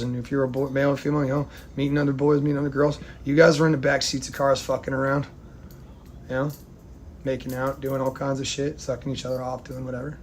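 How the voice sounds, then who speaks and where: An American vlogger with a creaky, mid-range voice rants angrily and profanely to camera, lurching from loud outbursts to hushed, almost whispered lines. Slight background noise can be heard.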